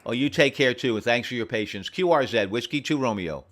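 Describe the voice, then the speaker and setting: A man running an amateur radio station from home, friendly and repeating call signs slowly and carefully. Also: medium pitch, lively intonation, a crowd in the background. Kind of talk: on-air radio contacts, reading call signs.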